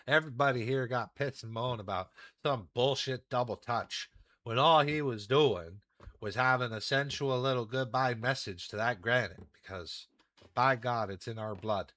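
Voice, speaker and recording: A man's voice: medium pitch, normal speed, a bit bright, dry recording. A man, chatting casually and profanely to his stream in a rambling, folksy way. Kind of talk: casual gaming stream chat.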